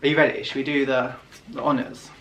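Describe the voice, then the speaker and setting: A young man talks through an unboxing vlog in a gushing, excitable way, gasping and sinking into hushed whispers. His pitch sits in an ordinary middle range, and a faint hiss runs under the recording. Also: fairly quick. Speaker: vlogger.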